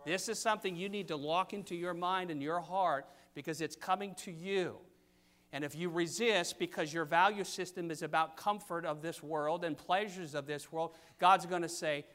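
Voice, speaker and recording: An older man preaching a sermon, reading scripture and pressing his points with sudden loud stresses. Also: a little high, moderate pace. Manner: emphatic, pulpit cadence with sudden loud stresses.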